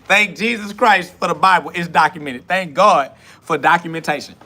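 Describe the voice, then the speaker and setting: A man's voice: fairly high pitch, normal speed, pushed and bright, a little hiss or hum. A man hosting a live stream, preaching. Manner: swaggering, slangy, talks back to chat comments. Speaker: livestream host. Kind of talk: casual preaching monologue.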